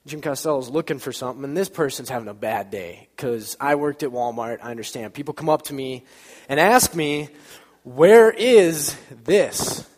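A man talks to a church audience in a relaxed, chatty way. He tells everyday stories and acts out the back-and-forth himself, sometimes laughing. His mid-range voice carries a long reverb from the hall. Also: mid-range voice, fairly quick. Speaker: church speaker. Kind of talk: informal sermon with storytelling.

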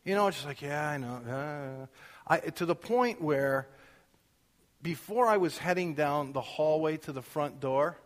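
A middle-aged preacher tells a story from the pulpit in a voice that sits a little high for a man. He plays every quoted line out loudly and pokes fun at himself. His voice rings with the long reverb of a big hall. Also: a little slow. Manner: animated, acts out quotes loudly, self-mocking humor. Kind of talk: storytelling sermon.

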